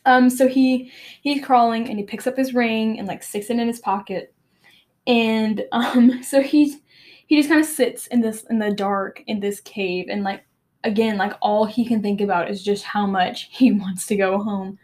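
A woman's voice: a little high, steady tone, moderate pace, a little mellow. A woman podcast host casually retelling a novel and reading passages aloud, chatty and full of fillers. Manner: chatty, filler-heavy with frequent laughs.

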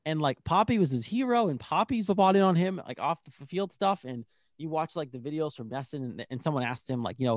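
A young man co-hosting a casual sports chat, excitable and rambling, full of "like". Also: fairly high pitch, fast talker, no room sound, studio quality. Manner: excitable, rambling, heavy use of "like". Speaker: sports podcast co-host.

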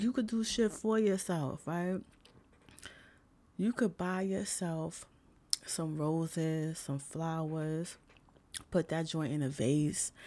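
Blunt, swearing woman with a gravelly low voice. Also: darkish tone. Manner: blunt, heavy swearing, lots of fillers. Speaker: vlogger. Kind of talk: casual rant to camera.

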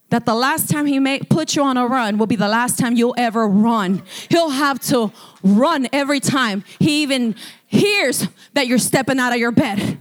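A female pastor delivers a sermon in a slightly high voice, moving from hushed storytelling to loud, stretched-out shouted proclamations, frequently repeating and restarting words.

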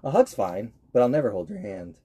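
A man's voice: mid-range voice, sing-song, a little fast, warm tone, breathy edge. A young man in casual chat, laid-back and teasing, often trailing off.

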